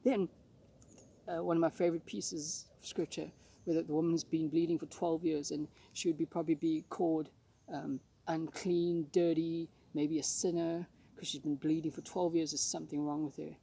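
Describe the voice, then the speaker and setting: A man's voice: a little high, little pitch movement, moderate pace, gravelly, warm tone, husky. A man giving an informal devotional talk, casual and rambling with frequent restarts. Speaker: preacher.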